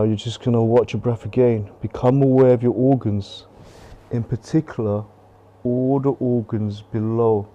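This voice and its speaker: A man leading a qigong class, calmly coaching breathing and movement with gentle repetition, on a close mic while he moves. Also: medium pitch, measured pace, muffled recording. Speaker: qigong instructor. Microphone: close clip-on mic while moving.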